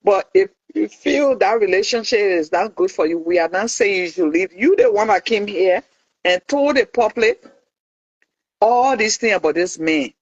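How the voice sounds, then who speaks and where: A woman's voice: medium pitch, lively intonation, moderate pace, no echo. A woman calling in to a talk show, talking in a passionate, opinionated way with many restarts. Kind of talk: casual chat. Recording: dull lo-fi dry sound.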